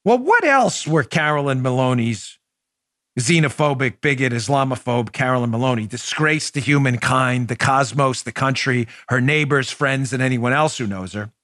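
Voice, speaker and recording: A man's voice: mid-range voice, lively intonation, normal speed, fairly bright tone, no echo, studio quality. A man hosting a political commentary show, sarcastic and mocking, emphatic and heated, with jokey banter toward his co-host.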